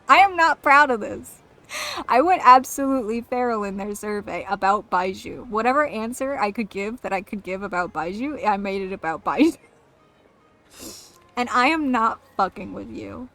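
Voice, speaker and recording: A woman's voice: medium pitch, animated, moderate pace, bright, forceful tone. A woman streaming a game, chatting casually in a rambling, giggly, self-mocking way.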